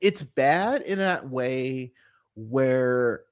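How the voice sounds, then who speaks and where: A man's voice: medium pitch, expressive, drawn-out words, clear, resonant tone. A man hosting a movie podcast, ranting casually about a bad film, swearing often and stumbling through fillers and restarts. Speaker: podcast host. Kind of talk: casual movie review rant.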